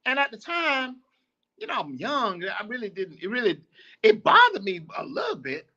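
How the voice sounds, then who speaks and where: A man's voice: very high-pitched, wildly swooping pitch, moderate pace, sharp tone, lo-fi sound. A man hosting a podcast, giving blunt, profane advice in a casual, preachy, repetitive monologue. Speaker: podcast host.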